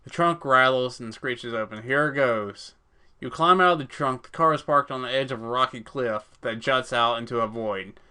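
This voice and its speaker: Brief: male let's-play gamer, clear and bright, casual swearing while reading. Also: mid-range voice, normal speed. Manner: casual, swears, stumbles over words. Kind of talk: reading a text game aloud with reactions.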